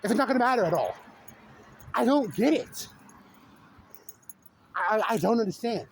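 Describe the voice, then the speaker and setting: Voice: medium pitch, big pitch swings, normal speed, creaky, slight background noise. A young adult vlogger ranting off the cuff, exasperated and incredulous, firing off repeated questions and the odd swear word. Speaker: video creator. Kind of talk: unscripted rant to camera.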